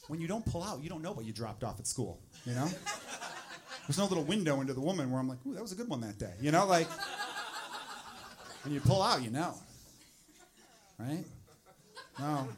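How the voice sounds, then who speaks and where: A man doing a stand-up comedy set, sliding into loud, mocking quoted rants. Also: fairly high pitch, expressive, normal speed, long pauses, a crowd in the background.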